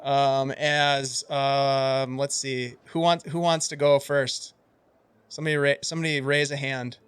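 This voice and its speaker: A man's voice: medium pitch, flat delivery, a little slow, fairly bright tone, clear, resonant tone, dry recording. A man narrating a tabletop game as game master, loose and chatty. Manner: loose and chatty, with frequent filler.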